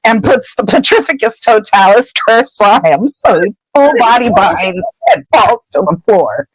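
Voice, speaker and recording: A woman's voice: on the high side, animated, a little slow, no room sound, rough recording. A woman podcast host casually retelling a book chapter in a chatty way. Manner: chatty, breaks into character voices.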